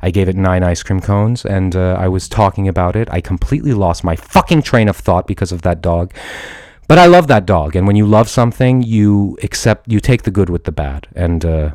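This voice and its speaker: A man's voice: low voice, expressive, normal speed, a little mellow, dry recording, clean studio sound. A man from Iran hosting a solo film podcast from home, rambling through his thoughts with many restarts, fillers and casual swearing. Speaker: podcast host and film reviewer. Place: at home with a dog. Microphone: studio microphone.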